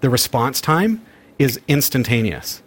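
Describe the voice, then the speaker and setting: Very animated, a bit bright, and slightly slow, the man's mid-range voice carries a casual, upbeat chat. As he demonstrates smart speakers, he talks freely and keeps restarting his sentences.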